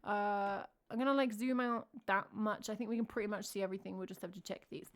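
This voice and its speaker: A woman's voice: mid-range voice, fairly even intonation, quick pace. A woman with an English accent, chatting casually on a live stream, thinking aloud and answering her chat. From England.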